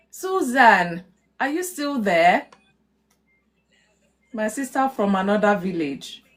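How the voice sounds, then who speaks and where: A woman's voice: medium pitch, animated, extremely slow, long pauses. A woman hosting a live online chat about marriage, teasing her guests playfully and closing in an earnest, prayerful tone. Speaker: host of a live marriage talk. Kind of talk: casual live-stream chat.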